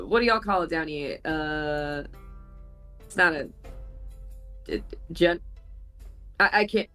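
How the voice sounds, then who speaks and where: A woman in a casual tabletop game session who laughs often and drifts off mid-sentence. She swears freely and keeps an easy, rambling tone. Faint music plays quietly behind her. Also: sits low, slow pace, long pauses. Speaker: player.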